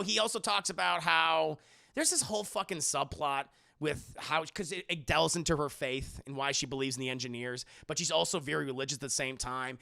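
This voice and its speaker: A young man casually recapping a film scene by scene for a live chat, animated and profane, often acting out the characters in silly voices. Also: mid-range voice, vocal fry, clear, resonant tone.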